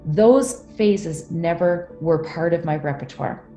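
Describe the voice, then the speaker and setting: A middle-aged woman speaks frankly and with feeling, her voice low and mellow, swearing without a second thought. The room has an echo, and faint music sits underneath. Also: takes it slowly. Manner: emotional, frank, swears freely. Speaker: guest. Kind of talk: candid personal storytelling.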